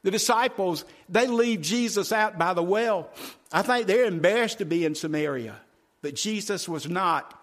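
A male preacher giving a sermon in a folksy way, talking straight to the congregation and swinging from loud, driving phrases to hushed ones. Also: high-pitched, expressive, moderate pace. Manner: folksy, addresses congregation directly.

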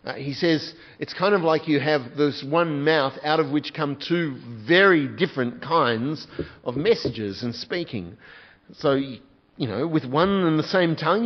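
Earnest pastor preaching. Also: male voice, on the high side, muffled recording. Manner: earnest, asks the congregation direct questions. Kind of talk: sermon.

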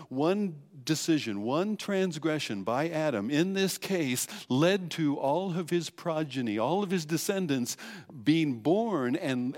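A man preaching a sermon, earnest and emphatic, dropping to a hush on key points. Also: a little high, in a large hall. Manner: earnest preaching, swings between emphatic and hushed. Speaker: pastor.

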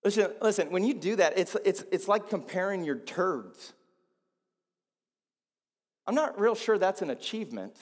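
A man preaching a sermon as pastor, swinging between quiet, low passages and loud, emphatic ones. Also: lively intonation, normal speed, long pauses, in a large hall.

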